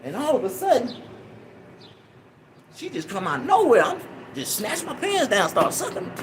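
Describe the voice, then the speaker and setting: A young man casually telling a rambling, profane story in an animated way. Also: very high-pitched, normal speed, noisy background. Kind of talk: casual anecdote.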